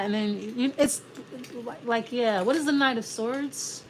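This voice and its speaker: A woman's voice: mid-range voice, measured pace, slight background noise. A woman giving a casual, rambling tarot reading, often restarting her sentences and acting out imagined back-and-forth exchanges. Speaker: tarot reader.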